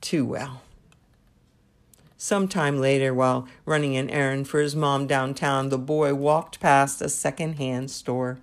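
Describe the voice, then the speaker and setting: A woman's voice: rumbling low, fairly even intonation. A woman hosting a devotional podcast, telling a story and drawing a faith lesson from it. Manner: slow and deliberate.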